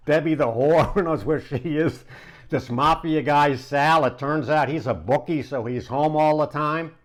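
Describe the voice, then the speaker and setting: List: man, landlord, casual storytelling, chuckling, fairly high voice. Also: slow. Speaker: landlord and real estate investor. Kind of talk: anecdotal storytelling.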